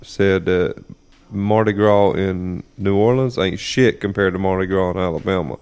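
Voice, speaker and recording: Man, low voice, blunt and salty, loose podcast co-host. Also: moderate pace, darkish tone, smooth. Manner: blunt, profane storytelling with drawled asides. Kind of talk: casual chat among friends.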